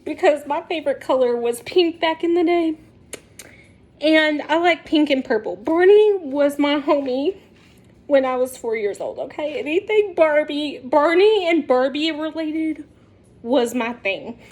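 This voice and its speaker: High-pitched woman vlogger, unhurried storytelling, chatty and giggly. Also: lively intonation, a little mellow. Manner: chatty, laughs often while telling. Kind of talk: casual storytelling to camera.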